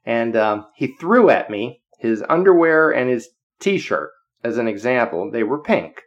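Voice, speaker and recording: Animated man telling a story. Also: medium pitch, a little slow. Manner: animated, swings between voices as he retells. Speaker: storyteller, former Navy officer. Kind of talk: casual spoken anecdote. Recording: dull lo-fi recording.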